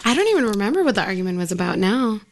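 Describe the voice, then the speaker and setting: A woman guesting on a casual podcast chat, expressive and dramatic, quick to exclaim. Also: medium pitch, slight background noise.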